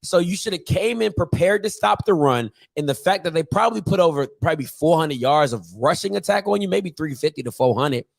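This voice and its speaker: A man hosting a casual live-streamed sports talk show, animated and exasperated, repeating himself for emphasis. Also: a little high, brisk, vocal fry, hardly any pauses, no echo. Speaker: host of a college football show.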